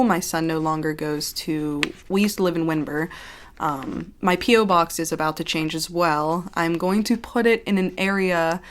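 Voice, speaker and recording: A woman vlogger talks straight to her viewers in a loose, confessional way, sentences trailing off and restarting around a steady stream of "like." Her voice sits on the lower side for a woman, and she swings from bright, laughing bursts to quieter, heavier stretches, dropping casual curses along the way. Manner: rambling, heavy use of "like", swears casually; expressive, jumps between laughing and subdued. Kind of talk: casual confessional chat to camera.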